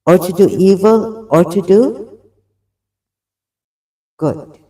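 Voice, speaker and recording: A man's voice: high-pitched, slow pace. A man on a live stream reading religious passages aloud and reacting, breaking off to apologize and cough, short of breath. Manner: excitable, reads passages aloud, frequent apologies and restarts. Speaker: streamer discussing religious texts. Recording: roomy echo, off-mic.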